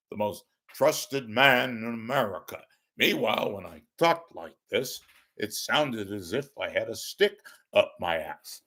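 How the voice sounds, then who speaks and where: A man voicing a solemn old male TV news anchor with a stiff, formal, measured delivery. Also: mid-range voice, fairly bright tone.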